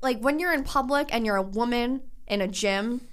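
Young woman, bright higher voice, animated, casual chat, acts out quotes. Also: moderate pace, clear, resonant tone. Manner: animated storyteller acting out quotes.

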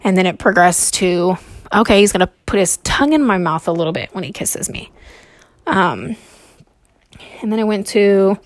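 A woman hosting a podcast, telling a personal story in a hesitant monologue with many pauses and fillers while sounding nervous and short of breath. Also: mid-range voice, expressive. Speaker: podcast host.

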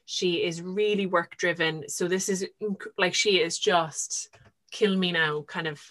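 A woman's voice: lowish voice, fairly even intonation, unhurried, fairly bright tone. A woman co-hosting a podcast, retelling a book in a chatty, enthusiastic way with lots of fillers. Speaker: podcast co-host. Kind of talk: casual book chat.

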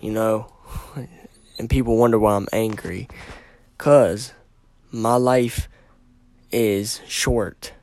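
A man's voice: fairly low pitch, steady tone, slow pace, pauses often, a little mellow, dry recording. A man hosting his podcast alone, ranting angrily with heavy swearing, agitated and stumbling over his words. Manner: angry, profane, ranting. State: agitated, stammering. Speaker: podcast host. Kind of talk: solo podcast rant.

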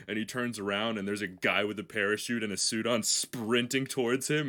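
A man's voice: on the low side, steady tone, brisk, hardly any pauses, bright, forceful tone. A man hosting a podcast, telling long rambling stories in casual, heavily profane chat. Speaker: podcast host.

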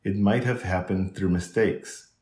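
A man voicing a frail, anxious invalid gentleman who presses with urgent questions in a storybook reading. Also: low voice, unhurried. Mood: subdued. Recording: roomy echo.

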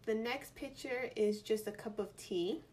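A woman's voice: on the high side, measured pace, darkish tone, a little hiss or hum. Chatty woman musing over quiz answers. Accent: New York. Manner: chatty, playful, reads options aloud and muses. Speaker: vlogger. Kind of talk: casual chat, thinking aloud.

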